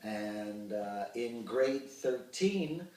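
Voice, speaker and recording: A man in his sixties, an actor telling expressive anecdotes with hesitant fillers in an interview. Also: on the low side, drawn-out words. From Ottawa, Canada. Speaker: actor and puppeteer, interview guest. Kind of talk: reminiscing interview. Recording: roomy sound, distant from the mic.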